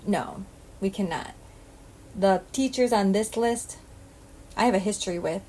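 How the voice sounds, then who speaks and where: A woman hosts her own podcast in a loose solo monologue. She drifts from one thought to the next and stays blunt and emphatic throughout. Her voice sits at a middling pitch. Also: a little slow, warm tone. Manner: scattered, stream-of-consciousness, blunt and emphatic. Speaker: podcast host.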